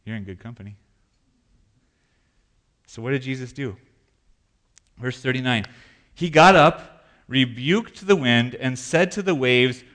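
Man, pastor, sermon, church, animated delivery, lively varied pitch. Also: a little slow, pauses often. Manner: animated, acts out panicked voices.

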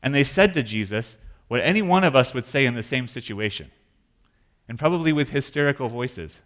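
A man preaching a sermon as pastor in a church, animated, acting out panicked voices. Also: mid-range voice, a little fast.

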